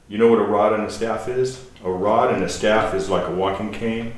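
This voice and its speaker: A man giving an informal, halting sermon with asides, as a guest preacher. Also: lowish voice, fairly even intonation. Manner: conversational, halting, with restarts and asides. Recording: echoey hall from a distance with faint noise.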